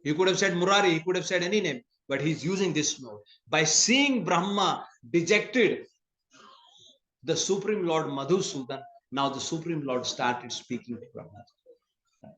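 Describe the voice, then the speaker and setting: A man gives a temple sermon in a high, light voice. He talks conversationally and laughs often, telling everyday stories along the way. The sound rings with the echo of a large temple hall. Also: animated, moderate pace, fairly bright tone. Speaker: speaker giving a scripture class.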